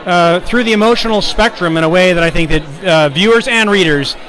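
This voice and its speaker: A man's voice: high-pitched, fairly bright tone, low-quality recording. A man, the author of the novel, giving a thoughtful red carpet interview outdoors at a premiere. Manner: thoughtful, measured, listing qualities one after another.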